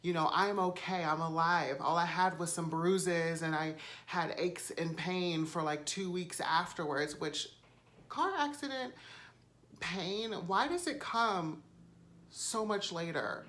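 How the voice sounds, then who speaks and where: A woman's voice: lowish voice, slow, fairly bright tone. A woman vlogger recording on a phone camera at home, telling a story casually with lots of fillers and swearing. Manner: chatty, swears freely, many fillers.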